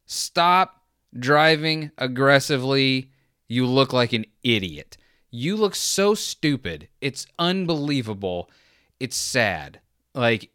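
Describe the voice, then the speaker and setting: A young adult man in a casual comedic rant, animated and exasperated, mocking other drivers. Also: medium pitch, clear, resonant tone, dry recording, studio quality.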